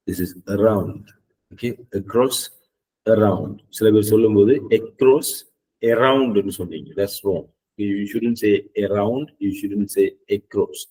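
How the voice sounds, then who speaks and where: A man with a Tamil accent teaching English pronunciation in an online class, patiently repeating words slowly. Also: lowish voice, dark tone, distant mic, low-quality recording. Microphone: video call.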